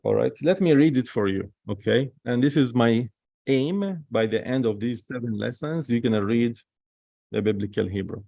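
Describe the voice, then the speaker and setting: A man's voice: medium pitch, gravelly, mellow, dry recording, clean studio sound. A man teaching biblical Hebrew in a recorded class, explaining step by step and often checking in with "okay?" or "all right?".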